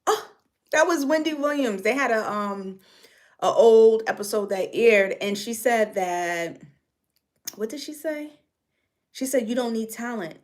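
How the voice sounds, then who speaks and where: A woman's voice: fairly high pitch, animated, a little slow, pauses often. A woman from New York with a New York accent, chatting casually on a livestream and reading comments, drifting between topics. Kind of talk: casual chat.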